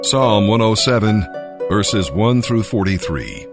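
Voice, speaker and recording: A man preaching and reading scripture aloud, with expressive pacing that lingers on key phrases. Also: lowish voice, takes it slowly, dry recording, studio quality, faint music behind.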